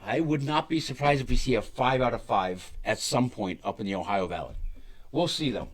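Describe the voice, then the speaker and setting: A man runs through the weather forecast in a blunt, emphatic way. He repeats his warnings and swears freely. His pitch sits in the middle. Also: brisk. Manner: blunt, profane, emphatic and repetitive. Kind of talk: casual weather forecast talk.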